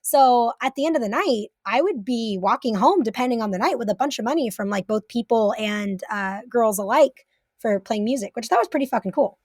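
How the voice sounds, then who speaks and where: A woman's voice: fairly high pitch, animated, brisk, no room sound, clean studio sound. A woman guest talking casually on a podcast, chatty and swearing freely, with many fillers. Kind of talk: casual chat.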